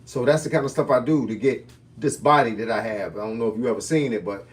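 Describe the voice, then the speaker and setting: A fitness coach in his fifties talks through viewers' questions on a live stream. He speaks in a relaxed, folksy way, full of plain slang, with a voice of ordinary pitch for a man. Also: quick pace, recorded from a distance. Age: 50s.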